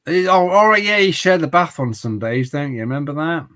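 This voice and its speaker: A man's voice: fairly high pitch, lively intonation, brisk, a bit bright, poor audio. A middle-aged man chatting casually while streaming games, rambling with stumbling restarts and jokes. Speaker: streamer playing retro games. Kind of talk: casual livestream chat.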